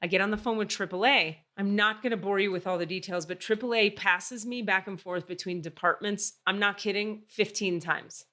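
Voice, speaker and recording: A woman hosting a podcast, telling a story in casual chat, animated and swearing freely. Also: medium pitch, fairly quick, few pauses. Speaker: podcast host.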